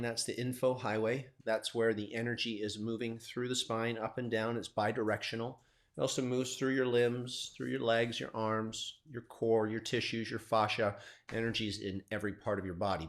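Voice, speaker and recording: A man teaching a qigong lesson on a live stream, explaining calmly and guiding the listener step by step. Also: mid-range voice. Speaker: qigong instructor.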